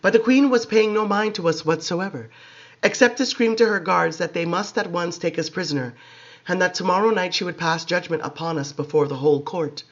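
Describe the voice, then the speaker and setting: A man giving expressive, measured dramatic audiobook narration, on a dull lo-fi recording. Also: high voice.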